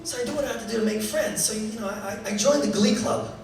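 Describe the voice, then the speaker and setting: A man in his thirties from Canada performing a stand-up comedy set, animated and joking, building to loud punchlines. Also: high-pitched, quick pace, far from the mic, heavy background noise. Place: comedy club stage. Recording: echoey club recorded from afar.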